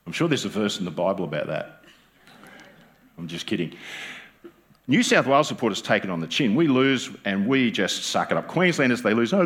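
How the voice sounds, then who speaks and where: Australian pastor preaching a conversational sermon. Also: male voice, on the low side. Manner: conversational, jokes with the congregation, asks rhetorical questions. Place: church.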